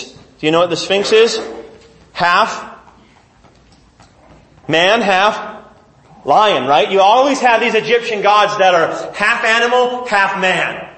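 A man leading a Bible lesson, storytelling in a lively, conversational manner. His voice sits high, and the room around him is echoey. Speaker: Bible teacher.

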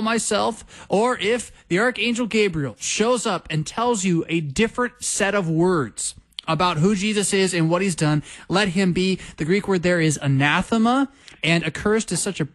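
A man teaching a bible study on a radio talk show, speaking with passion and emphasis, breaking into quick laughs. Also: sits high. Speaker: pastor.

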